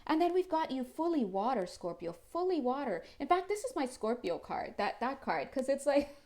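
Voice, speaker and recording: Woman, tarot reader, casual spiritual reading, rambling, giggly, self-interrupting, a bit high-pitched. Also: sing-song, normal speed, a little mellow. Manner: chatty, rambling, often laughing, restarts and self-interrupting.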